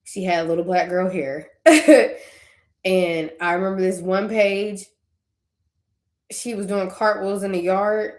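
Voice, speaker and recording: A woman's voice: mid-range voice, fairly even intonation, takes it slowly, pauses often, a little mellow, roomy sound. A young woman talking casually and tearfully in a personal faith vlog, wandering off on tangents and laughing between thoughts. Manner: conversational, tangent-prone, laughing through tears. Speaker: faith vlogger.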